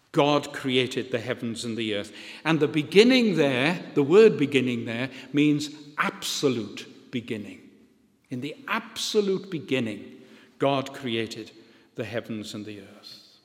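A man preaching a sermon, measured and emphatic, repeating key phrases and letting phrase ends fall. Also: medium pitch. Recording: long reverb of a church hall.

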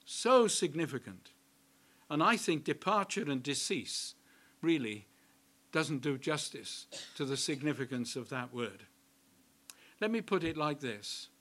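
A man preaching a sermon in a slow, emphatic way, repeating key words for weight. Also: fairly high pitch, sing-song, a bit bright.

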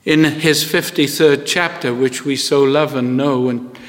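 A man preaching a sermon with slow, deliberate delivery and rising, emphatic questions. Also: mid-range voice, steady tone, a bit bright, long reverb tail.

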